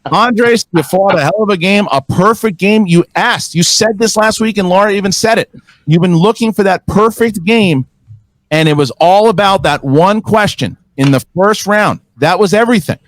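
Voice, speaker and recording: A man hosting a post-match show, who announces results and asks questions in an excitable, hyped-up way. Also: high voice, normal speed, no room sound. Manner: excitable, hype commentary. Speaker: show host.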